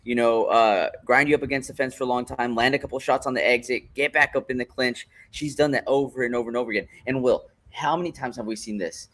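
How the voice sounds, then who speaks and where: A man co-hosting a casual talk show, excitedly retelling fight moments and using plenty of filler words. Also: mid-range voice, quick pace, hardly any pauses. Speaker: co-host. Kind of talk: casual fight-recap chat.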